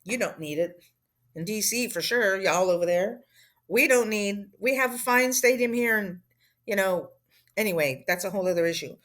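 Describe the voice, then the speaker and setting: A woman's voice: medium pitch, moderate pace, a bit bright. A woman from Texas, rambling through a casual political rant in an exasperated, sarcastic way. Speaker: political commentator.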